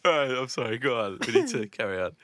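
A man's voice: medium pitch, very animated, quick pace, fairly bright tone, no room sound, clean studio sound. A man co-hosting a casual podcast, reacting in short bursts and laughing helplessly. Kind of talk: casual chat.

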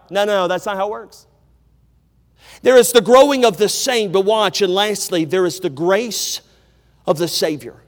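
Male preacher, high voice, emphatic sermon delivery, recorded in a big hall with a long echo tail. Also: animated, unhurried. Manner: emphatic, swings from loud preaching to hushed asides.

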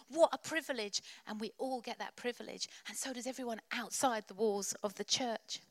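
A woman's voice: fairly high pitch, normal speed, few pauses, no room sound. A woman preacher delivering a sermon in church, passionate and exhorting, with playful asides.

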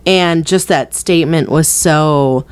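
A woman with a somewhat low voice chats casually about a film she watched. She rambles, restarts her sentences and laughs easily. The sound is close and dry, with no room around it. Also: takes it slowly, clear, resonant tone, dry recording. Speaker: podcast co-host.

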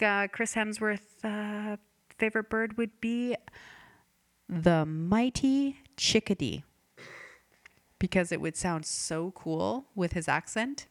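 A woman's voice: mid-range voice, takes it slowly, long pauses, no room sound, studio quality. A woman hosting a comedy podcast, rambling and forgetful, cutting herself off mid-thought. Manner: rambling, self-interrupting, forgetful. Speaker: podcast host. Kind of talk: deadpan comedic podcast monologue.

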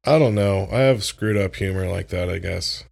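A man's voice: low-pitched, normal speed, gravelly, a little mellow. A young man co-hosting a podcast, talking in an easygoing, slangy way while tired and yawning. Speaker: podcast co-host. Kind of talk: casual chat.

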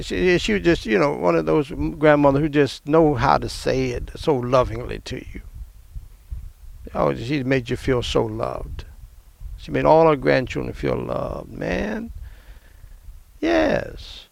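A middle-aged man from the American South telling a personal family story in an emphatic, animated way. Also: fairly high pitch, takes it slowly, vocal fry.

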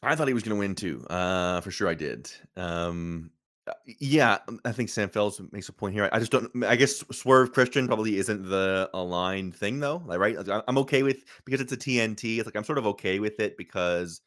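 A man with a low voice co-hosting a stream in casual chat. He speaks thoughtfully, circling back and restarting before landing his point. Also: lively intonation, brisk, fairly bright tone. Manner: hesitant, many fillers and restarts, thoughtful. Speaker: co-host of a wrestling review stream.

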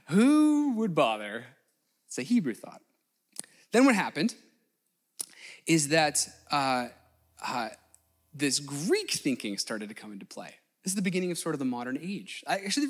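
A man's voice: on the high side, fairly bright tone. A man preaching a sermon in a conversational way, acting out the voices of the people he quotes. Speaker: pastor.

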